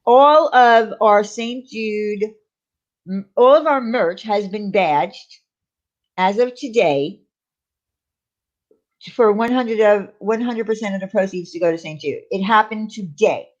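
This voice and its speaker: A woman's voice: medium pitch, takes it slowly, muffled recording. A woman hosting a casual livestream, talking in a rambling way with lots of fillers and restarts. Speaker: channel host.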